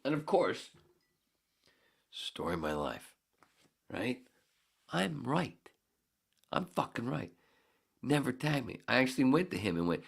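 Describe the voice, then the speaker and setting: A man's voice: medium pitch, sing-song, a little slow, vocal fry, long pauses, a bit bright, breathy edge. A man in his fifties, a podcast host, telling a story in a casual, heated and profane way. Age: 50s.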